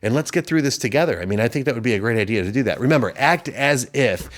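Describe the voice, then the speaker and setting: A man in his fifties talking straight to his listeners in a pumped-up, preachy motivational monologue. He rambles a little and keeps circling back to his point. His voice sits in a plain middle pitch. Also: lively intonation, quick pace. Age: 50s. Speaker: podcast host.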